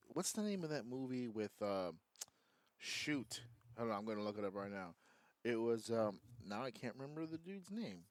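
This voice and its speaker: A man co-hosting a casual podcast, excitable and profane, acting out scenes as he laughs through his stories. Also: fairly high pitch, dry recording. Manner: excitable, swears freely, acts out scenes while laughing. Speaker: podcast co-host.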